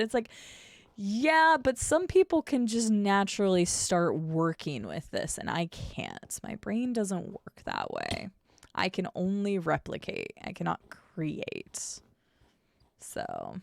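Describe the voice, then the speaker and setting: Gravelly, lively woman streamer. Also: medium pitch, a little slow, no room sound, studio quality. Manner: chatty, laughs often, talks to chat and players. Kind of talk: casual gameplay stream chat.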